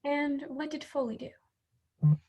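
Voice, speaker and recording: A woman acting as prosecuting counsel in a mock trial over a video call, asking brisk, direct questions. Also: high voice, big pitch swings, dark tone. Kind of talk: courtroom direct examination.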